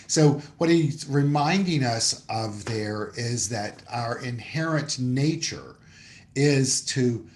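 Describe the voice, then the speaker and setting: A man, a minister, giving an earnest, explanatory conversational sermon. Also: mid-range voice. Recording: echoey room.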